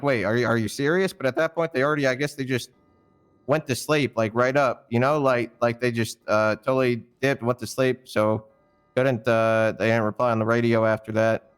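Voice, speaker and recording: A man's voice: mid-range voice, steady tone, a little fast, smooth. A man in a roleplay stream, heatedly telling the story of why he fired someone. He rambles, stammers and swears often. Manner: fired-up and indignant. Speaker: roleplayer explaining a firing.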